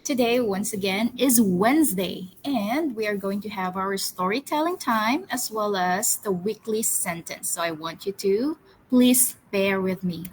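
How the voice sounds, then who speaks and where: A woman teaching English to young children, speaking slowly and clearly, drilling words for them to repeat and praising them. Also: mid-range voice, animated, a little hiss or hum, poor audio. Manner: slow, clear, encouraging, drills words for repetition. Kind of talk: classroom storytelling lesson for children.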